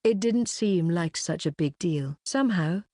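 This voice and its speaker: A woman narrating an audiobook in a steady, even read. Her voice sits on the low side, and the recording is dry and close, with no room sound. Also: a little slow, dry recording. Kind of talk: scripted narration.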